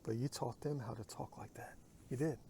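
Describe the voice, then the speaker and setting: Man vlogging from a kayak out on a lake, mellow voice, musing into his phone, often drops to a murmur. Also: mid-range voice, brisk, a little hiss or hum. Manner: muses aloud, drifting to murmurs and whispers. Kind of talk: rambling outdoor vlog.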